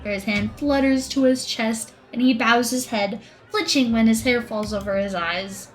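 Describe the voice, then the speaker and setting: A young adult woman streaming a story game, reading it aloud and joking through animated reactions. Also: on the high side, unhurried. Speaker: streamer reading a visual novel.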